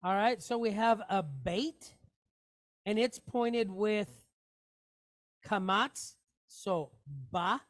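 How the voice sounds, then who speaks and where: A woman's voice: mid-range voice, extremely slow, pauses often. A woman teaching a Hebrew reading lesson, patiently sounding out each syllable and repeating words aloud.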